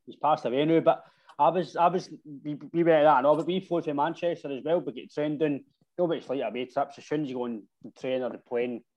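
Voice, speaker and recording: A Scottish man tells a rambling football-trip story in slangy casual chat, tagging "right?" onto his lines. His voice sits a little higher than most men's. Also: fairly even intonation, quick pace, darkish tone, muffled recording. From Scotland. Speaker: football supporter telling stories.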